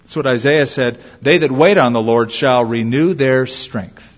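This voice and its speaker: A man's voice: medium pitch, measured pace. A man preaching a sermon as a pastor, acting out quoted voices as he goes. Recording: lo-fi with long hall reverb.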